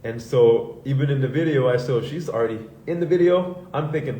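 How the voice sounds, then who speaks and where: A man's voice: medium pitch, fairly quick, hardly any pauses, warm tone, a little hiss or hum. Man telling a candid story in an echoey room. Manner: loose, conversational, swearing, acts out quoted voices. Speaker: host. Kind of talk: candid personal talk to a live audience. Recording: echoey room heard from a distance.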